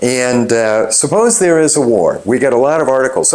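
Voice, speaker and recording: A man's voice: mid-range voice, lively intonation, normal speed, a little mellow. Opinionated older man, emphatic. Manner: opinionated, emphatic, with frequent fillers and restarts. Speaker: channel host giving political commentary. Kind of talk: unscripted political monologue.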